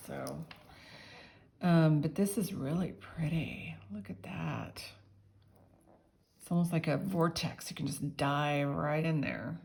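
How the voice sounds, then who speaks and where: Low, gravelly-voiced woman chatting. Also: mellow, slight background noise. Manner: chatty, rambling with many ums, a bit irritated. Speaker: jewelry seller and channel host. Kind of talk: casual selling vlog.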